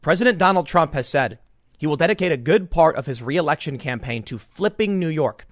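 A man's voice: a little high, expressive, fairly quick, no room sound, studio quality. An American man giving emphatic, indignant political commentary, often repeating his words. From United States. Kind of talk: opinion commentary.

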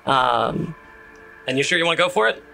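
A man narrating a tabletop game as game master, measured and hesitant, with fillers. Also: fairly high pitch, animated, vocal fry, sharp tone, faint music behind.

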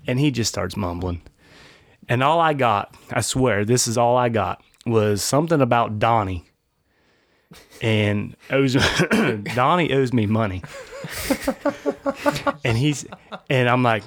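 Man around thirty, podcast host, animated storytelling, dry close sound. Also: medium pitch, a little slow, pauses often, no echo. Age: 30s. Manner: animated storyteller, acts out quotes, laughs often. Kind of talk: casual storytelling chat.

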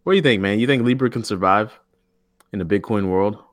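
A man's voice: fairly low pitch, a little fast, no echo, studio quality. A man co-hosting a podcast in casual chat, joking and swearing as he riffs on news. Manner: jokey, profane, reads news quotes aloud. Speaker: podcast co-host.

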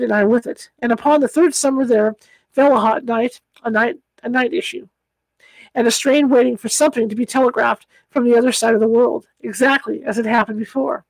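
A woman's voice: a little high, no room sound, poor audio. Woman reading a story aloud, dry sound. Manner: measured storytelling. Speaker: audiobook reader. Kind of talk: audiobook reading.

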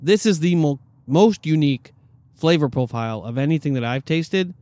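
An upbeat man leads a casual podcast, tossing out announcer-like cues between stretches of chat. His voice sits fairly high for a man. The recording is dry and close. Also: moderate pace, a little mellow, no echo. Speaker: podcast host and quizmaster.

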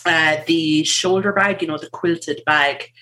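A woman's voice: sits low, fairly even intonation, a little slow, pushed and bright. A woman hosting a casual podcast, chatty and giggly, presenting her research with lots of fillers.

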